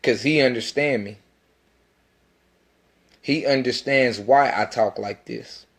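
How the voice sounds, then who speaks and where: A man's voice: mid-range voice, takes it slowly. Profane, rambling man. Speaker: independent rapper. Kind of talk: casual self-recorded monologue.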